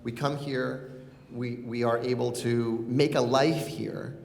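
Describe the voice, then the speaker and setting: A man in his forties, a guest in a live onstage conversation, speaks in a quick, playful, reflective way. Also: mid-range voice, steady tone, creaky, a little mellow. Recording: echoey hall.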